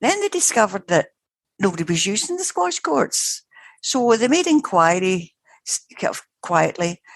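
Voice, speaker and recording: A woman's voice: fairly low pitch, no echo. An older woman, a guest researcher, telling a story in a vivid, dramatic way with frequent restarts. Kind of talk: conversational storytelling.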